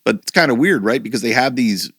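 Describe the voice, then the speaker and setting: A man's voice: mid-range voice, expressive, fast, a bit bright, no echo, clean studio sound. A middle-aged man co-hosting a podcast in casual chat, talking in a chatty, meandering way and correcting himself as he goes. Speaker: podcast co-host.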